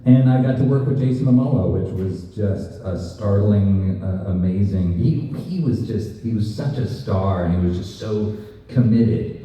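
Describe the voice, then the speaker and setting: Lively man, echoey far-off hall. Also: on the low side, measured pace. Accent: neutral General American. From Canada. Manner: animated storytelling, laughs often. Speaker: panel guest, actor. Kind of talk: casual convention panel talk. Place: large convention hall. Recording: distant echoey hall, muffled.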